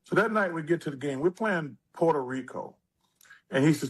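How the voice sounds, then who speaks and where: Husky older man telling stories. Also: a little high, moderate pace. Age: 60s. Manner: animated storyteller, drawling, lively asides. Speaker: interview guest. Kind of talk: casual storytelling interview.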